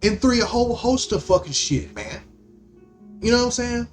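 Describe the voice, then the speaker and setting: A man's voice: very high-pitched, sing-song, normal speed, soft background music. A man hosting a podcast, ranting in a profane, rambling monologue full of stammering restarts. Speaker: podcast host.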